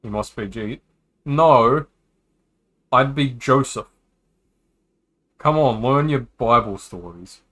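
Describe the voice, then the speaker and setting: Reading visual novel lines aloud on stream, a man speaks slowly with long pauses in a medium-pitched voice that's pushed and bright. Between lines, he drops casual, joking comments.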